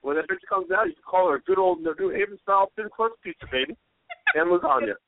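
A man's voice: sits high, expressive, fast, dry recording. A man co-hosting a comedy show, riffing crudely and rambling in casual chat. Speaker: co-host. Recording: dry, phone-like line.

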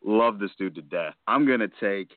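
A man co-hosting a podcast in casual chat, mulling choices aloud and getting excited about them. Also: fairly low pitch, moderate pace, no room sound. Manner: deliberating aloud, enthusiastic. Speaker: podcast co-host. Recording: tinny phone line, dry.

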